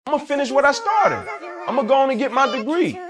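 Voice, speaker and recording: Young man, very high voice, subdued level; determined, repetitive motivational talk. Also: big pitch swings, quick pace, crowd noise. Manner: determined, repeating his points. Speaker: student.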